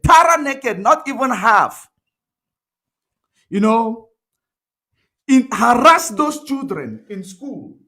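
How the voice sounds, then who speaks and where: A man with a fairly high voice delivers a fervent commentary monologue. He talks emphatically and repeats his points, pressing the listener with rhetorical questions. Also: a bit bright. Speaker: commentary vlogger.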